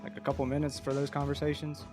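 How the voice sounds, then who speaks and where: A man playing in a tabletop game, talking casually and quickly about his character's moves. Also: a little high, monotone, over music. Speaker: player.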